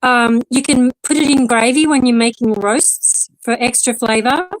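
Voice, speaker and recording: A woman's voice: a little high, normal speed, a little hiss or hum, low-quality recording. An Australian woman chatting casually as co-host and explaining things at length. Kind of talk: casual chat.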